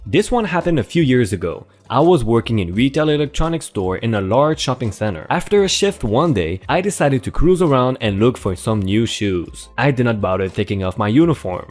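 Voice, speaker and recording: A man's voice: medium pitch, a little mellow. A man hosting a channel, energetically narrating online stories with playful exclamations. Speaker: host reading online stories. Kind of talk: upbeat storytelling narration.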